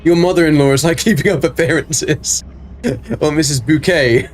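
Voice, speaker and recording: A man's voice: fairly high pitch, normal speed, a little hiss or hum. A man chatting casually on a game live stream, rambling with many ums while reading chat aloud.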